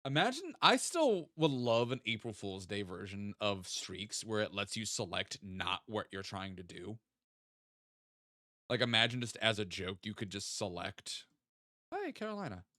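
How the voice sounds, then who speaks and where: Lively low-voiced man chatting while gaming. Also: measured pace, no room sound, clean studio sound. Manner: chatty, thinks aloud, jokey asides. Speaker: streamer playing a geography guessing game. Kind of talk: casual gaming stream chat.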